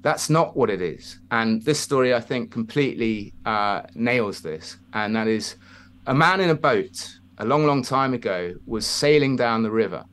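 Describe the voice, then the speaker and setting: A man hosts a relaxed conversation and tells parable-like stories at a mid pitch. He rambles and restarts often, but the talk stays reflective and steady. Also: moderate pace, slight background noise. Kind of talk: casual chat, storytelling.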